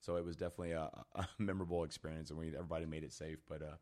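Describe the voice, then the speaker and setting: A man's voice: very deep voice, little pitch movement, very fast, darkish tone. A man on a podcast as the guest, telling a story animatedly with lots of fillers and laughter. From Texas. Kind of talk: casual storytelling.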